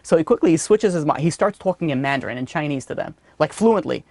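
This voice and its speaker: A man teaching a religious class, telling a story in a lively way with many "you know" asides. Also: fairly high pitch, fast talker, no echo. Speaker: rabbi teaching a weekly class.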